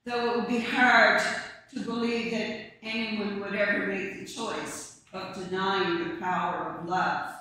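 Preacher at morning prayer: slow, calm sermon reading, picked up from a distance in a very reverberant church. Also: mid-range voice, a little hiss or hum. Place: church sanctuary. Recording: echoey church heard from a distance.

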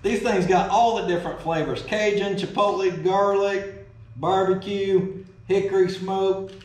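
A man hosting a casual vlog, folksy and excitable, swearing casually as he opens fan mail in his workshop. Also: high-pitched, unhurried. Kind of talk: casual chat. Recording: roomy echo.

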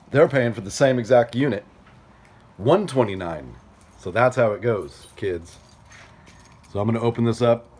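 A man vlogging outdoors at a storage facility, telling a story in a chatty, animated way and acting out other people's lines. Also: mid-range voice, breathy edge. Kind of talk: casual storytelling vlog.

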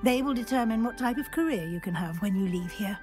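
A woman playing a brisk, firm professor. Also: a little high, lively intonation, darkish tone, faint music behind, lightly acted. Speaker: game character.

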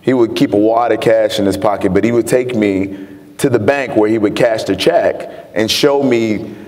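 Man, guest author, earnest storyteller, low voice, onstage interview, reverberant lecture hall. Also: moderate pace, darkish tone. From Chicago. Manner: earnest storytelling, laughs often. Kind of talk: onstage interview before an audience.

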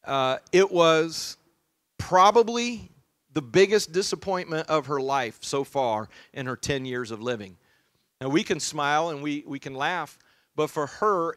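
A male pastor preaching a sermon in an easygoing, story-driven style, full of "uh"s and restarts. His voice sits a little high. The sound is dry and close, with no room echo. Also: fairly bright tone. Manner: conversational storytelling with many fillers.

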